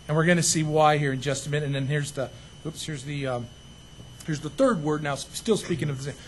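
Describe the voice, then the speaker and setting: A man preaching a sermon as pastor, conversational and animated, with joking asides. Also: on the high side, normal speed, long pauses, a little hiss or hum, low-quality recording.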